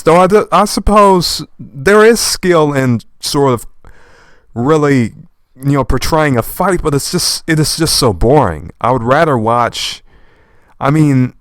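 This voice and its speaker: A young man with a slight lisp talks fast and passionately, slipping old-fashioned verb endings into his rambling commentary. His voice sits at an ordinary middle pitch. The recording is close and dry, with no room sound. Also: dry recording. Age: young adult. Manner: animated, fast and passionate talker. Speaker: channel host reading a manga aloud. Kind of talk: rambling commentary while reading aloud.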